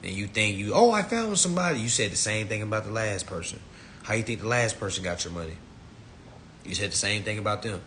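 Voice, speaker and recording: A man's voice: steady tone, fairly quick, pushed and bright, a little hiss or hum. Blunt, profane man ranting on a live stream. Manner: blunt, profane, mocking, mimics people in high voices. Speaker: online finance class host.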